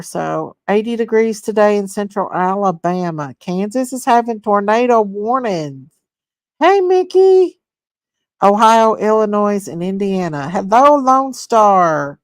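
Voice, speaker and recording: Slow-talking, gushing woman. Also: mid-range voice, smooth, no room sound, clean studio sound. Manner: chatty, greets viewers by name, gushes with excitement. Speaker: livestream host. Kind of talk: casual live chat reading viewer comments.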